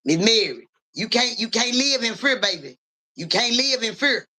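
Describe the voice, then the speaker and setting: Sharp-voiced woman reader talking street slang. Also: fairly high pitch, expressive, normal speed. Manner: profane street slang, keeps asking "you hear me"; calls out viewers by name. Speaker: livestream psychic reader. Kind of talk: casual livestream talk.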